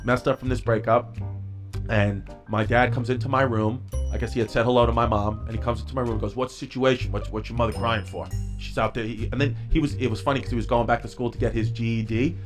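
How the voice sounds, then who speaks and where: Fast-talking man telling a story. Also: medium pitch, soft background music. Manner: animated, laughing through the story. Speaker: podcast storyteller. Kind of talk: casual storytelling.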